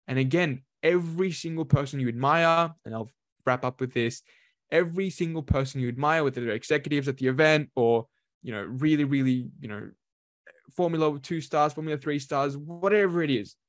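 Energetic man giving a motivational talk. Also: fairly high pitch, no echo, studio quality. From Australia. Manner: energetic, uses lively voice changes for emphasis. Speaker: workshop speaker.

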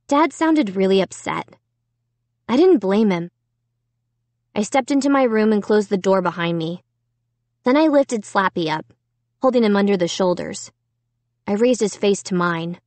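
A woman narrating a children's storybook in the first person, reading slowly and deliberately. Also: mid-range voice, animated, a little mellow, dry recording. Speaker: audiobook narrator.

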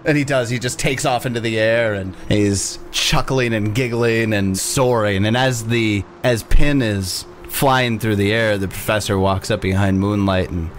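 A man narrating a tabletop game as game master, telling the scene in an animated way. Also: on the low side, measured pace, few pauses, slight background noise. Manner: animated storytelling.

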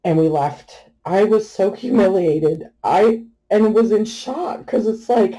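A woman's voice: medium pitch, slow pace. A middle-aged woman vlogging while she crafts, chatting through a funny family story with frequent laughter. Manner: chatty storyteller, laughs often, animated retelling. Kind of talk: casual anecdote while crafting.

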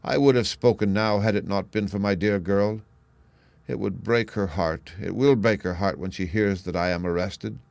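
A man reading the part of a weary, guilt-ridden old man who is dying, in a slow, heavy, confessional way. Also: lowish voice, creaky, darkish tone, dry recording. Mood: grave. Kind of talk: audiobook reading.

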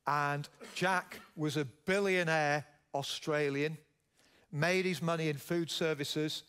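A man's voice: fairly high pitch, steady tone, slow pace, a bit bright, clean tone. Yorkshire man giving a keynote speech. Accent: Yorkshire English. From Yorkshire, England. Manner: storytelling, asks the audience questions. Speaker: keynote speaker, business founder. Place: conference stage.

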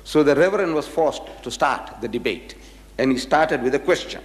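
Speaking at normal speed with a medium-pitched voice, this lecturer shares anecdotes in public and brings the quoted lines to life with animated delivery. An echo from the hall hangs over the audio.

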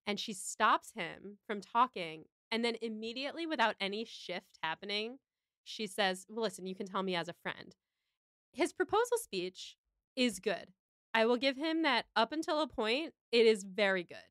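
A woman's voice: on the high side, sing-song, normal speed, a bit bright, clear, resonant tone, dry recording, studio quality. A woman hosting a podcast, recapping a film in casual chat with a wry, joking manner. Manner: chatty, wry, acts out quotes. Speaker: podcast host.

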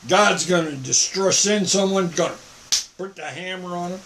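An older man preaching informally to the camera, switching between mock calm and sarcastic emphasis. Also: sits high, moderate pace, slight background noise, poor audio.

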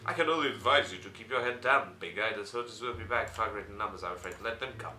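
A man's voice: lowish voice, quick pace, sharp tone, roomy sound, slight background noise. A young man giving game commentary as a host, joking around, swearing and laughing often. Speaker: let's play host.

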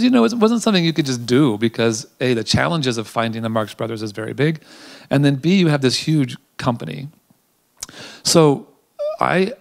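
A man, a theater director, giving a behind-the-scenes interview, telling history in an animated, chatty way with frequent ums. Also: medium pitch, vocal fry.

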